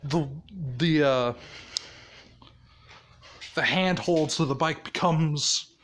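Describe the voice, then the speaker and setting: A man's voice: on the high side, slow, fairly bright tone, a little hiss or hum. A man telling a made-up story casually, rambling and swearing, often laughing at his own ideas.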